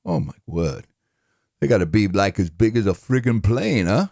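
A man's voice: lowish voice, big pitch swings, creaky, darkish tone, dry recording, clean studio sound, full character voice. A man doing a mumbling, dim-witted boxer. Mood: rambling. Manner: slurred, rambling, halting, self-mocking. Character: mumbling dim-witted middle-aged male boxer, gentle. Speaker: impressionist. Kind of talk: comedic impression monologue.

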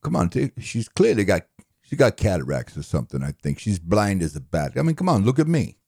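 A man impersonating a gentle, dim-witted middle-aged boxer who mumbles and rambles with halting, self-mocking speech. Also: lowish voice, very animated, creaky, dry recording, clean studio sound, heavily acted. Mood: rambling. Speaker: impressionist. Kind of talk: comedic impression monologue.

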